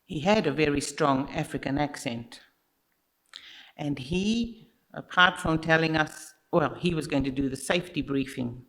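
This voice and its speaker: Church story time, slow-paced, gravelly, bright tone, expressive, talks straight to listeners. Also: mid-range voice, rough recording. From Australia. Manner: unhurried and expressive, addressing listeners directly. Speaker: children's story teller at church. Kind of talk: told story in a church service.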